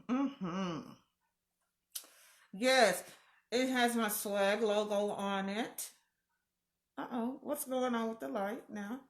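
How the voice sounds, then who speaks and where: Woman, live stream host, playful, slow and lively, echoey room. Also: a little high. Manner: playful, greets viewers by name, laughs often. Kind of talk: casual live stream chat with viewers. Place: room at home.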